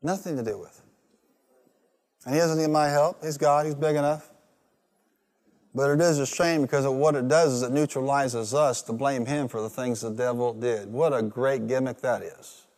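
A man's voice: medium pitch, fairly even intonation, moderate pace, in a large hall. A male pastor preaching a rousing sermon, leading the congregation in call-and-response. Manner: rousing, call-and-response, rising to loud peaks.

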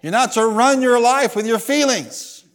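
In a church, a pastor delivers a sermon in an extremely high, unhurried voice. He calls on the congregation to respond and acts out the characters in his stories.

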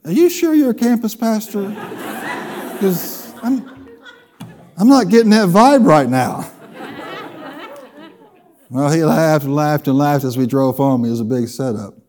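A man preaching a sermon, telling a funny personal story with lively, animated delivery. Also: fairly high pitch, measured pace, long pauses, a faint crowd. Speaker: pastor.

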